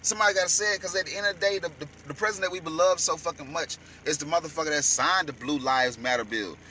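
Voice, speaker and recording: A man delivering a heated, profane rant as a vlogger, shouting at times. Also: a little high, quick pace, a little hiss or hum. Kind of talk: heated ranting commentary.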